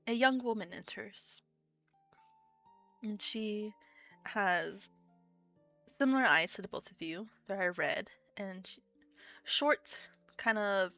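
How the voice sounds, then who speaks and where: A woman's voice: medium pitch, gravelly, sharp tone, no echo. A woman narrating a tabletop role-playing game as game master in a casual, chatty way.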